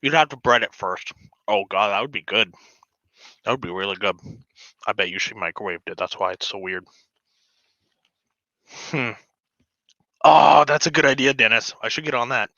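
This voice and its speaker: A man's voice: lowish voice, expressive, moderate pace, pauses often, bright, forceful tone, dry recording. A man hosting a casual live stream from his hobby room. He talks in an easygoing, chatty way and laughs often. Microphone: desk microphone. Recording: slightly dull lo-fi sound.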